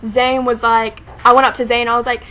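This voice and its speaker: A woman tells a story straight to camera in a loose, casual vlog. Her voice sits a bit high, and she rambles excitedly, with filler words everywhere and laughter breaking through. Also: fairly quick, low-quality recording. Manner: excited, rambling, heavy use of "like", frequent laughter. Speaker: fan telling a story.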